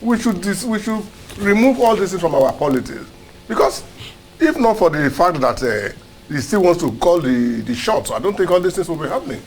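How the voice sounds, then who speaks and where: A man with a fairly high voice gives earnest political commentary in a broadcast studio. He argues his case at length, stumbling over and repeating words as he pushes his point. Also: animated, normal speed. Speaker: co-host and commentator.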